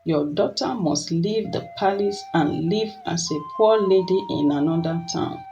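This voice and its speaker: Wise old priestess laying down a prophecy, narrator voicing her, steady tone, soft music behind. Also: mid-range voice, measured pace, dull audio, natural voice. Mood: solemn. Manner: solemn, instructing.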